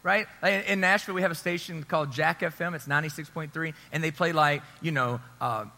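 A man in his thirties preaches with a relaxed storytelling manner, often checking in with the crowd. His voice is high and very bright. It rings out in a church hall with a long reverb tail. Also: quick pace, creaky. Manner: storytelling, conversational, asks the crowd for agreement. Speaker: pastor. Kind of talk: sermon.

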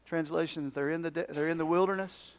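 Preacher, man, fairly high voice, dramatic sermon delivery with sudden hushed asides and shifting pace. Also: steady tone. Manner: dramatic swings from loud emphasis to hushed, near-whispered asides; speeds up and slows down for emphasis. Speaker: pastor.

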